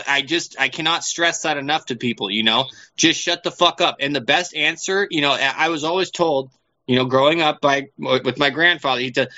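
A man's voice: fairly high pitch, sharp tone. A man chatting casually as a podcast co-host, rambling and profane with lots of fillers, on a dull lo-fi recording. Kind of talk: casual chat.

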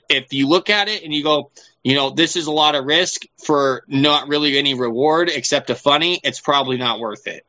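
In a casual chat, a podcast co-host rambles and curses, leaning heavily on fillers. His voice is mid-range, bright and forceful, and the lo-fi recording sounds dull.

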